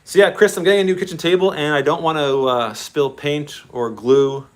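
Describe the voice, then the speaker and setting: A man hosting a model railway livestream, chatty and excitable, greeting viewers by name and laughing often. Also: a little high, moderate pace. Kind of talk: casual live-stream chat with viewers.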